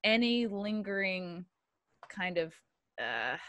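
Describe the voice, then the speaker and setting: A woman's voice: medium pitch, sing-song, slow pace, sharp tone, no room sound. A woman hosting a comedy podcast, joking crudely and reading out news items with sarcastic asides. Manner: brash, profane, reads out articles and jokes. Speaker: podcast host. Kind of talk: casual comedic banter.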